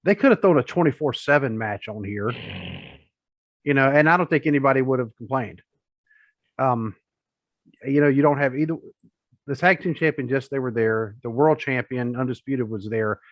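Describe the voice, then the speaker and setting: A man's voice: mid-range voice, brisk, dry recording. A man, co-hosting a wrestling podcast in a rambling, chatty, joking way. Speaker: podcast co-host. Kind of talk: casual chat. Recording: dull lo-fi podcast audio, dry.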